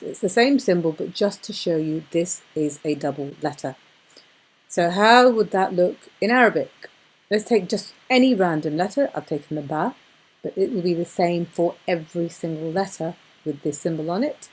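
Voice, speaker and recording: A woman gives a beginner reading lesson in a mellow, warm voice. She explains each point patiently and repeats words slowly so learners can follow. Her voice sits a little low. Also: husky. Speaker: Quran reading teacher.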